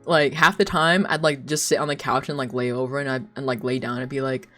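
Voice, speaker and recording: A woman's voice: a bass voice, a little fast, faint music behind. A young woman streamer chatting casually while she draws, telling stories with lots of giggles. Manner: giggly, animated storytelling.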